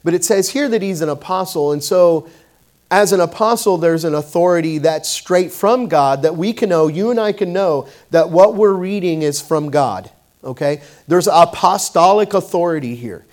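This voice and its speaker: A man delivers a sermon in a relaxed, conversational way, leaning on fillers and restarting his sentences as he goes. His voice sits a bit on the higher side for a man. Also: moderate pace. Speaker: pastor. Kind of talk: sermon with personal story.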